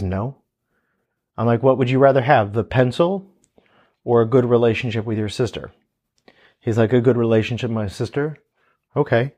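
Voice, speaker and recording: A man's voice: mid-range voice, darkish tone. A man in his thirties, a father, earnestly giving parenting advice and retelling talks with his kids. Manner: earnest, storytelling with quoted dialogue. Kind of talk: casual advice talk.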